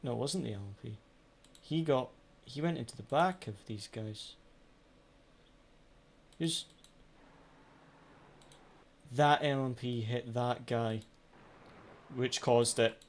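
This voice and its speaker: A man's voice: medium pitch, takes it slowly, long pauses. A man streaming a racing sim live, ranting in frustration at his own races as he plays. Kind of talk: live gameplay commentary.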